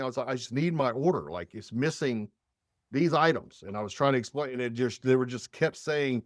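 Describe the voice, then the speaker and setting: A man's voice: medium pitch, animated, a little fast, no room sound, clean studio sound. A man in casual podcast chat, telling a long story with many fillers and restarts. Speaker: podcast guest.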